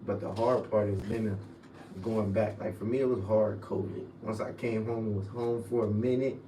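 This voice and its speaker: A young man, a former college football player, telling stories in relaxed slang on a casual podcast. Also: normal speed. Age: young adult. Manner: laid-back storytelling with slang, drifts low and quiet. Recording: echoey room, mic at a distance, faint noise.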